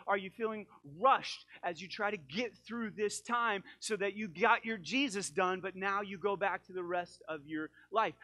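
Animated, bright-voiced man preaching. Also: high-pitched, no room sound. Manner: animated, jokey asides, acts out voices. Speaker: pastor. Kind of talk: sermon. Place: church sanctuary.

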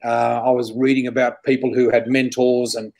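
Animated man telling stories. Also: mid-range voice, normal speed, gravelly. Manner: animated, laughs often, acts out quoted dialogue. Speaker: psychic flower reader, interview guest. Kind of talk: storytelling anecdote.

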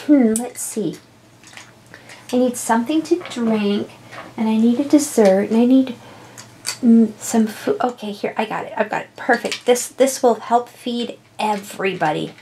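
A woman's voice: a little high, measured pace, mellow, slight background noise. A woman voicing a cheerful male cookie toy who is a family father, chatty and fussing over feeding everyone, in a toy play story. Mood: busy.

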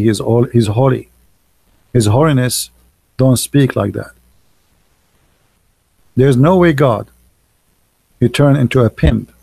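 A man's voice: medium pitch, vocal fry, dark tone, husky, dry recording. A man hosting a live stream, preaching in an emphatic, scornful, repetitive way in non-native English phrasing. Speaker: livestream host.

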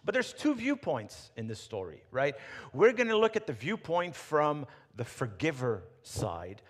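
A male pastor preaching a sermon, telling a story with animated retelling and frequent restarts. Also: fairly high pitch, measured pace. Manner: animated storytelling, rephrasing as he goes. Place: church sanctuary. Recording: reverberant church hall.

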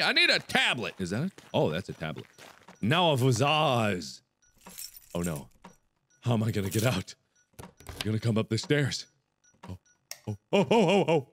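Excitable young man yelling over a game. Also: mid-range voice, moderate pace, long pauses, a little hiss or hum. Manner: excitable, swings from muttering to panicked yelling. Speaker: gaming video host. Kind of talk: let's-play game commentary.

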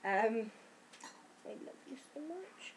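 A woman's voice: a little high, sing-song, slow, slightly rough. A tired woman, frankly and chattily telling her birth story in a casual vlog. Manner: chatty, frank and giggly, acting out quotes. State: tired from lack of sleep.

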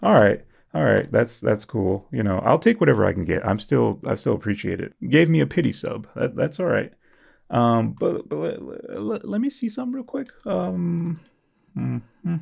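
A young man with a heavily gravelly, husky voice reads out viewer comments and jokes about them. His pitch leaps around in a lively, playful way, from squeaky highs to low grumbles. He sounds self-mocking and casual throughout. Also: moderate pace. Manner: jokey and self-mocking, swings from high squeals to low mutters. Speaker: YouTuber reading comments. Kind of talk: comedic comment-reading vlog.

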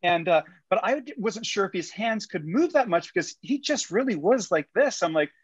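A woman's voice: mid-range voice, lively intonation, slightly rough, no room sound. A woman hosting a casual interview, reacting eagerly and chatting about her own experiences. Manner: enthusiastic, quick reactions. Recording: dry, dull lo-fi sound.

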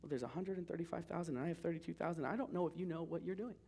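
Worried leader guy, kinda quiet and doubtful, preacher doing the voice. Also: on the high side, racing, gravelly, breathy edge.

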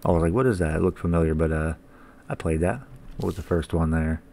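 A man's voice: a bass voice, level tone, quick pace, vocal fry, mellow. A young man giving let's-play commentary, reading game lines aloud, swearing casually and laughing often. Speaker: gaming channel host.

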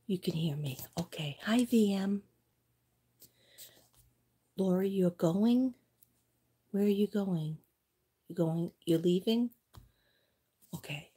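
A woman's voice: on the low side, a little mellow, slight background noise. An older woman chatting rambly and casually on a livestream at home at night, often dropping to a near whisper. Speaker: livestream host.

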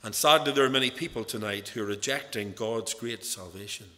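This Northern Irish lay preacher speaks on the low side, fairly quickly, with a bright and forceful tone. His evening sermon is earnest and story-driven, with emphasis that swells and drops, recorded in an echoing church hall.

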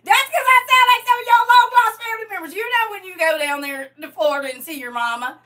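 A woman voicing a proud, gossipy country woman from a trailer park, talking fast and chatty. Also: very high-pitched, sharp tone, voice pushed up.

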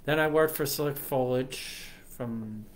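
A man who leads a ministry, giving a personal testimony in a halting, earnest way, often stopping to correct himself. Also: medium pitch. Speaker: ministry leader.

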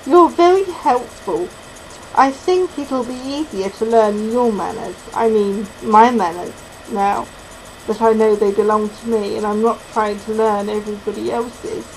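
A woman reading a novel aloud, telling the story in a soft, unhurried first-person voice. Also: medium pitch, slight background noise, poor audio. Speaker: reader.

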